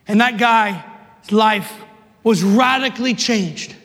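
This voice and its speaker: A man, preaching passionately to young people, rising to emphatic shouts and dropping in joking asides. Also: sits high, slow. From New York City, USA. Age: 30s. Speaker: youth minister. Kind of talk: preaching to a live audience. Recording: reverberant hall.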